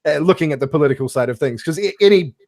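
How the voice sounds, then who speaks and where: A man's voice: a little high, expressive, rapid-fire, a little mellow, no room sound, studio quality. A man hosting a casual discussion, talking in a rambling way with many fillers like "like" and "you know". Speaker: podcast host leading a discussion. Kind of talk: casual chat.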